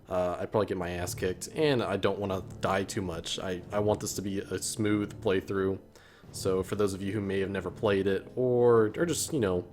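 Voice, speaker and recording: A young man casually commenting on a game he plays, rambling with joking asides. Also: on the low side. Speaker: let's play host.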